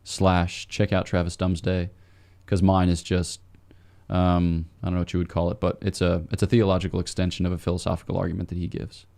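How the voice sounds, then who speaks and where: A man, a priest guest on a podcast, explaining theology in a measured, scholarly way with occasional fillers. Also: sits low, little pitch movement, vocal fry, darkish tone.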